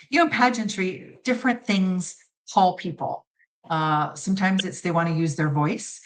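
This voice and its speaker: A woman's voice: on the low side, low-quality recording. Middle-aged woman, pageant judge; confident, emphatic interview talk, acts out quotes. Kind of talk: conversational interview answers.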